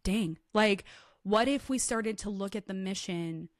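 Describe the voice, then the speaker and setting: A woman's voice: mid-range voice, a little slow, no echo. Woman host chatting about faith, jumps into voices for quotes, dry close mic. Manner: animated storytelling, acts out quotes in lively voices. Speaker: podcast host. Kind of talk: casual faith conversation.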